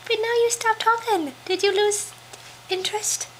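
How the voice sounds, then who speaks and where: A woman's voice: extremely high pitch, steady tone, moderate pace, a bit bright, slight background noise, poor audio. A mother filming her baby at home on a handheld camera, using playful, sing-song baby talk and coaxing questions. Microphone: handheld home camera she is filming with.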